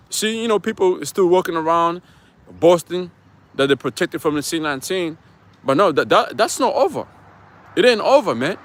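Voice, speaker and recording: A man's voice: a little high, a bit bright. A man preaching from scripture on a live stream, rambling and emphatic, with frequent profanity and fillers, outdoors near traffic. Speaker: street preacher.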